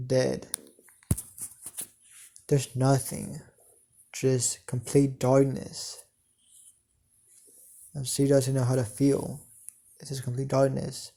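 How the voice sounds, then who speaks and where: Man reading improvised fan fiction, slow, halting delivery with gravelly fry. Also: medium pitch, mellow. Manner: halting, full of hesitations. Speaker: storyteller.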